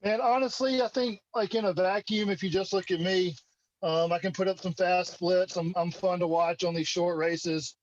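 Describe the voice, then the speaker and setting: A casual man in his thirties with a slow Mississippi drawl, speaking as a guest on a video call. His voice sits a little high, and the line sounds dull, lo-fi and bone-dry. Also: steady tone, dry recording. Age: 30s. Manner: laid-back drawl, says man and dude a lot. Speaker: interview guest. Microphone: computer video call.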